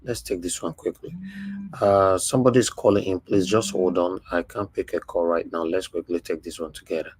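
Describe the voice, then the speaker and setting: A man's voice: low-pitched, fairly even intonation, moderate pace, a little mellow, a little hiss or hum. A man hosting a live stream, lecturing his viewers and greeting them as his people. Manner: preachy, addresses viewers as "my people". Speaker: livestream host.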